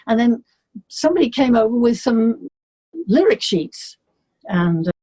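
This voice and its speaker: An older English woman, a singer being interviewed, telling stories in a lively way and acting out the people she quotes. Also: fairly high pitch, unhurried, breathy edge. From England. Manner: animated storyteller, acts out the people she quotes. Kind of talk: casual storytelling.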